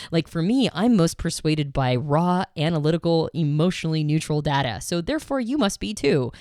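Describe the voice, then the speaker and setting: A woman co-hosting a podcast, explaining ideas in a measured, analytical way, mostly even in tone with some inflection. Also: deep voice, no room sound, clean studio sound. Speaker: podcast co-host.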